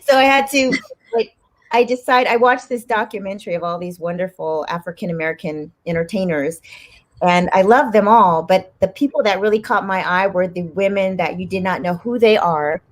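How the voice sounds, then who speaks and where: A woman talking as a guest on a chat show, telling a long story in a rambling, animated way and laughing often. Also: medium pitch, normal speed. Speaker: guest actress and comedian. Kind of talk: casual chat.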